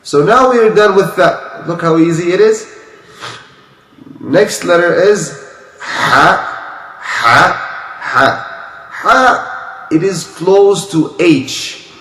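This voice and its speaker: Slow, patient male recitation teacher. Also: sits high, echoey room, poor audio. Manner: slow, patient, demonstrates sounds repeatedly. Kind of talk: pronunciation lesson.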